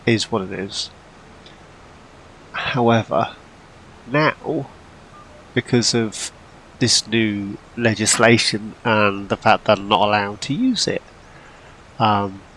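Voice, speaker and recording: A man's voice: lowish voice, fairly bright tone, slight background noise, rough recording. A man giving casual, rambling commentary while playing a farming game, now and then poking fun at himself. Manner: rambling and self-deprecating. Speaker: gameplay channel host.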